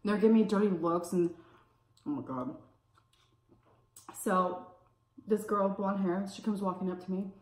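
A woman from California telling a casual story while eating, full of "like" fillers and pauses to savor her food. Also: medium pitch, darkish tone. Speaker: food vlogger. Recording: roomy echo.

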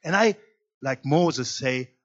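A man preaching a sermon as guest pastor in a church, swinging between loud emphatic lines and quiet low asides. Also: animated, takes it slowly, muffled recording. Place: church sanctuary.

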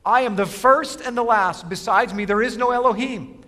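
A male pastor giving an emphatic sermon, asking rhetorical questions and alternating quick asides with slow, stressed phrases. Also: very high-pitched, bright, forceful tone, in a large hall.

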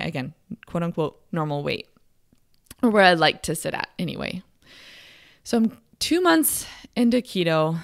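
A young woman hosting a podcast, talking openly and emotionally about a personal struggle, with halting restarts. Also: fairly low pitch, no room sound, studio quality. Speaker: podcast host and coach. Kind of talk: candid personal podcast monologue.

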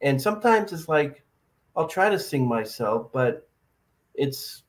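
A man's voice: mid-range voice, big pitch swings, measured pace. A man hosting a casual podcast interview, chatting and reading out viewer comments. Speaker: podcast host.

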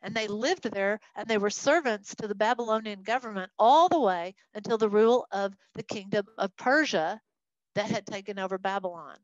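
A woman's voice: mid-range voice, normal speed, dry recording, highs cut off. A woman teaching a Bible study lesson, talking to a group and acting out the voices of people she quotes. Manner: animated, acts out quoted voices.

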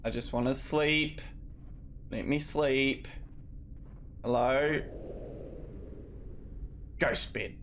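A man's voice: medium pitch, steady tone, extremely slow, long pauses, a bit bright, a little hiss or hum. A man streaming a game, joking and swearing casually as he plays. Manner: joking, swears freely, talks to himself. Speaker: gaming streamer. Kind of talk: casual let's play commentary.

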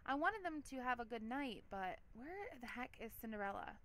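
A woman's voice: fairly high pitch, big pitch swings, normal speed, pushed and bright, slight background noise. A woman hosting a let's play, giving chatty, giggly gameplay commentary with a lot of "like".

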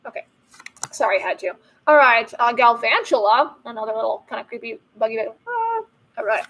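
On a low-quality recording, a woman hosting a card-opening channel speaks in a somewhat high, slightly bright voice, expressive and a little fast. She chats playfully and jokes as she goes through the cards in casual commentary.

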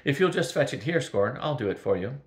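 A man's voice: medium pitch, fairly quick, close to an everyday voice. A grandfather reading as a distracted, bookish male wizard whose voice lifts and bounces with curiosity. The reading sits in a roomy, echoing space. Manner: distracted, fussy and lively. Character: absent-minded scholarly male wizard.

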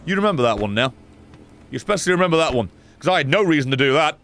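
A young man riffs sarcastically over a game, swinging from low grumbling mutters to sudden shouts. His voice sits a little high and jumps around a lot, with a gravelly edge. The recording is close and dry. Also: sing-song, very fast. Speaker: gaming streamer. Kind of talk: playing a game with live commentary.

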